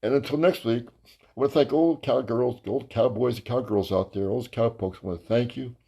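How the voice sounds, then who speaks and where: At a normal pace, this man's creaky, slightly rough voice carries a rambling, foul stand-up anecdote on his own comedy show. He's crude, leans on fillers, and keeps things animated by switching to high voices for quotations.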